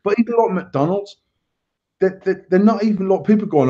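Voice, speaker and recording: A man's voice: mid-range voice, brisk, mellow. A man, hosting a live chat show and telling a worked-up, sweary rant. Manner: ranting, heavy swearing, worked-up. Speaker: podcast host. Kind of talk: casual live-stream chat, storytelling. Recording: slightly muffled lo-fi stream audio.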